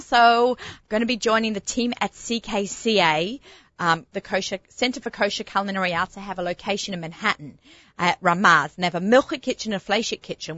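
A woman hosting a casual chat show, talking excitedly with lots of fillers. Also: medium pitch, no echo, muffled recording. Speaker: show host.

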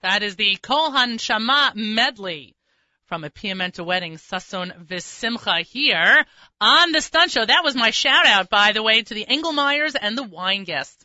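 Bright-voiced chatty woman radio host. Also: medium pitch, no echo, dull audio. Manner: chatty, trips over words, self-mocking. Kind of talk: casual radio chat. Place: radio studio.

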